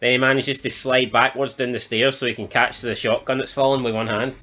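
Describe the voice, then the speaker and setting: A man's voice: mid-range voice, flat delivery, fairly quick, bright, forceful tone. A man chatting casually as a reviewer, recapping a TV episode in a loose, rambling way with frequent restarts and the odd swear. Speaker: film and TV reviewer.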